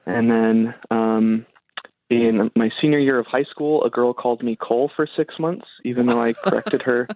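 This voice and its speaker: A man's voice: mid-range voice, fairly even intonation, moderate pace, no echo. A young man calling in, telling his story hesitantly with many fillers. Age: young adult. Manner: hesitant, lots of ums and uhs. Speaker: caller. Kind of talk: casual call-in chat. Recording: phone-like call line.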